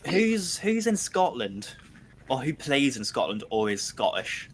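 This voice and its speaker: A man's voice: medium pitch, big pitch swings, a little slow, noisy background. A man chatting casually about football with friends, blunt and sweary. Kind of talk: casual chat among mates.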